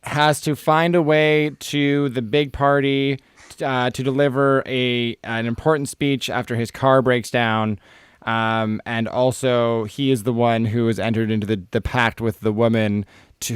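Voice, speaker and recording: Smooth-voiced man recapping a plot. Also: medium pitch, no room sound. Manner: recaps plot, halting and rambling. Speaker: podcast co-host. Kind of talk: casual chat.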